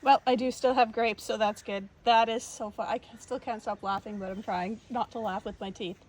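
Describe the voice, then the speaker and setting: A woman's voice: fairly high pitch, steady tone, moderate pace. A woman vlogging casually outdoors, chatting and giggling as she feeds monkeys. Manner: chatty, giggly, talks baby-talk to monkeys. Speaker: travel vlogger. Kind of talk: casual vlog narration.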